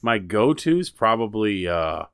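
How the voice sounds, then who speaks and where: Podcast guy, bright forceful voice, swears a lot, blunt, dry close mic. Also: lowish voice, big pitch swings, measured pace, clear, resonant tone, no echo. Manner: blunt and profane. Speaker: podcast co-host. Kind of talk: casual chat.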